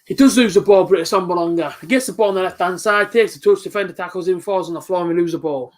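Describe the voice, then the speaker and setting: Young male fan streamer with a high voice, calling a match live in an excitable, chatty way and talking to his viewers. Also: quick pace. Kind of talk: live football reaction commentary.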